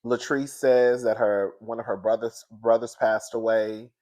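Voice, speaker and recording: Chatty stuffy-nosed man with a low voice. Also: a little mellow. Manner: chatty, talks to listeners as "girl". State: stuffy nose from crying. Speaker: reality TV recap host. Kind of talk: casual recap chat.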